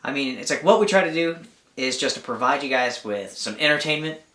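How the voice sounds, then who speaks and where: A man's voice: mid-range voice, expressive, a little fast, pushed and bright, reverberant. A man co-hosting an outdoor gear channel, chatting casually and rambling a little with lots of "like". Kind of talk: casual chat.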